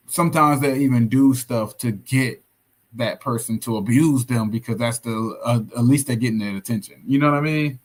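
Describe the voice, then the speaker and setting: A man talking as a podcast guest, hesitant and reflective, with halting starts. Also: mid-range voice. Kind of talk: casual conversation.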